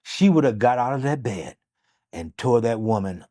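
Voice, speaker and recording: Animated man telling a dramatic story. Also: medium pitch, moderate pace, dry recording, clean studio sound. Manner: dramatic, emphatic, acts out quotes. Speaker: guest, doctor.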